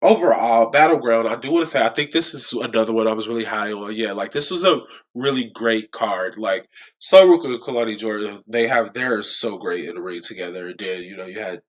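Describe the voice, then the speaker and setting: A young man reviewing wrestling shows in a casual, animated, playful and self-mocking way. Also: brisk. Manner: animated, playful, self-mocking, jumps to a high excited pitch. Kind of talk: casual chat.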